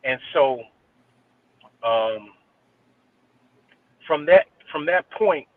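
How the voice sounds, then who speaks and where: A man's voice: a little high, expressive, drawn-out words. Middle-aged man, tinny phone line. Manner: earnest, rambling with frequent restarts. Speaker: guest DJ. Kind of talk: personal storytelling in an interview.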